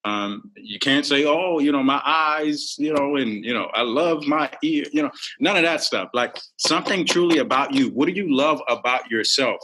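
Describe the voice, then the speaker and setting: Animated guy telling a story, bright voice, acts out what people said. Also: normal speed, few pauses, rough recording. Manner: expressive, acts out quotes with big pitch jumps. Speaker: podcast guest, author.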